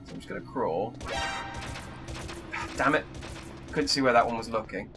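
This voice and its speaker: A man in his thirties co-hosts a gaming channel's let's-play, speaking at a measured pace in a medium-pitched voice with music behind him. His casual commentary is dry, wordy and self-mocking.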